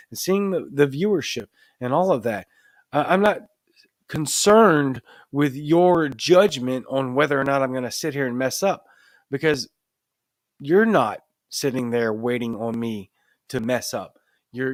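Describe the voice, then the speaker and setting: A man's voice: on the high side, darkish tone, dry recording. A man with a Cajun accent hosting a live show, talking casually to viewers and reading their comments, earnest and emphatic, often restarting his phrases. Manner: earnest, repeats himself, restarts phrases, builds to emphatic points. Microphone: desk microphone in front of camera.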